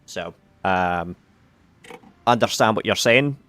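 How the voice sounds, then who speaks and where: A man hosts a game live stream, chatting loosely with viewers and fellow players. He hesitates a lot, stopping to restart his sentences. His voice sits a bit low for a man. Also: takes it slowly, a bit bright, soft background music. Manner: hesitant, many fillers and restarts. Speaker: game community specialist hosting a live stream. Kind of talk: casual live-stream chat.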